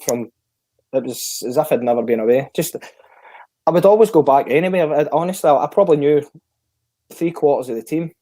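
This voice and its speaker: A Scottish man, a former footballer, telling a story in a relaxed chat and acting out the dialogue he retells. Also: fairly high pitch, brisk, pauses often, dry recording. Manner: lively storyteller who acts out the dialogue he retells. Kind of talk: casual storytelling.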